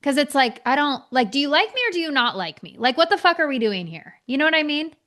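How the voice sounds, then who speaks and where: A woman's voice: high voice, animated, fast, a bit bright. A woman co-hosting a business podcast in casual chat, blunt and outspoken, swearing freely. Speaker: podcast co-host, business coach.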